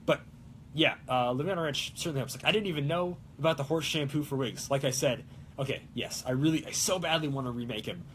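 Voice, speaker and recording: A man's voice: medium pitch, fast talker, a bit bright, a little hiss or hum. Young man rambling on a livestream. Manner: rambling, self-interrupting. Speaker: cosplayer and livestream host. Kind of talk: casual livestream chat. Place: cold room at home.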